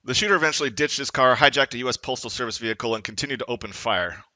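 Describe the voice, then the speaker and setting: Man, vlogger, furious profane rant, tense bright voice, dead-dry sound. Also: medium pitch, rapid-fire, dry recording. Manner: angry, profane, rising to shouts. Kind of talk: confrontational political rant.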